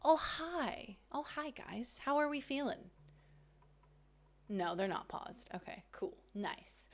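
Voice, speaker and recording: A young woman streamer with a high-pitched, animated but slow voice chats casually and playfully with her viewers while playing a game.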